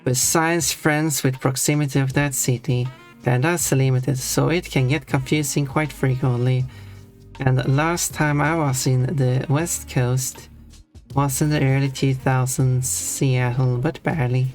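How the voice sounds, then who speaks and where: Streamer, rambling casual live-stream chat, mid-pitched, faint music underneath. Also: steady tone, measured pace, a little mellow. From Sweden. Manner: rambling, restarts often, laughs at own points.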